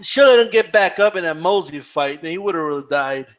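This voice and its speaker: On a live boxing stream with dull lo-fi audio, a young man talks casually in a slightly high, expressive, fairly bright voice at a fairly quick pace. He laughs often, curses freely, and slips into Spanish to quote fighters.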